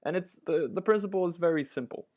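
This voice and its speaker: A man's voice: high-pitched, quick pace, mellow. A man teaching a language lesson, patiently walking through each example and repeating it. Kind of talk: instructional walkthrough.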